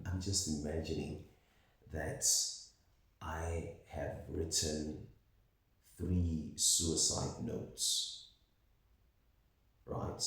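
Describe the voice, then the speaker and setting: A South African-born man vlogging in an earnest, rambling monologue with pauses. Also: rumbling low, a little mellow. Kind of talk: casual monologue to camera. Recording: very echoey, far from the mic.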